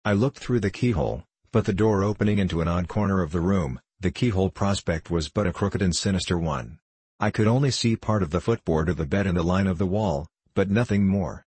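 A man reading a classic novel aloud in first person, measured and earnest, with a husky voice. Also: low-pitched, darkish tone, dry recording. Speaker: audiobook narrator. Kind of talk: first-person literary narration.

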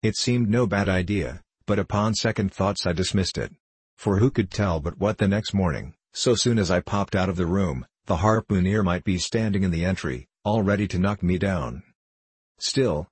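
A man reading a classic novel aloud as scripted narration, in a measured storytelling delivery. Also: sits low, slightly rough, dry recording. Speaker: audiobook reader.

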